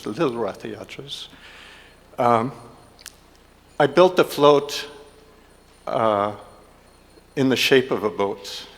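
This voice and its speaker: Man, mid-pitched, stop-start congregational talk, long hall reverb. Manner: halting, with many fillers and restarts. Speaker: devotee giving a festival offering. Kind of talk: heartfelt personal speech to a congregation.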